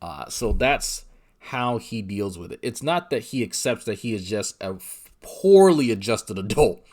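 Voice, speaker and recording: Male streamer, slightly low voice, casual, profane, quick to laugh. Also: lively intonation, darkish tone. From Louisiana. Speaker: livestream commentary host. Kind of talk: casual livestream commentary.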